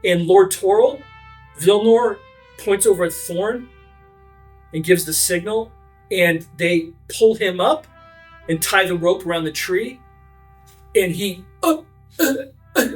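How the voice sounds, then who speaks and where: A man's voice: sits high, slow, pauses often, slightly rough, faint music behind. A man narrating vividly as game master of a tabletop game. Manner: vivid, energetic narration with frequent fillers.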